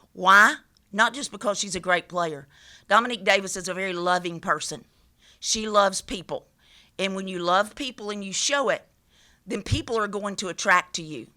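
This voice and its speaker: A woman's voice: medium pitch, sharp tone. A woman head coach speaking at a press conference, emphatic and passionate, repeating her key points.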